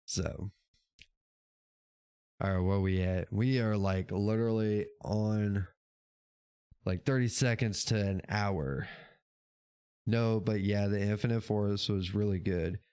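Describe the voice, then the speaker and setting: A man's voice: lowish voice, steady tone, slow, pauses often, warm tone, clear, resonant tone, no echo, clean studio sound. A man hosting a casual livestream show, chatting with his chat in a laid-back, rambling way, swearing now and then and laughing often. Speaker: podcast host reading live chat.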